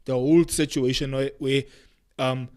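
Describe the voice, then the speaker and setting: A man hosting a casual podcast chat, animated, laughing often and repeating phrases for emphasis. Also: medium pitch, normal speed. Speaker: podcast host.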